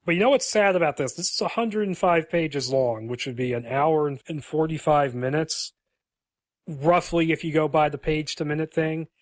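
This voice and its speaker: A man's voice: a little high, normal speed, no echo. A man co-hosting a podcast, casually and animatedly retelling a movie script and acting out its lines. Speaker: podcast co-host.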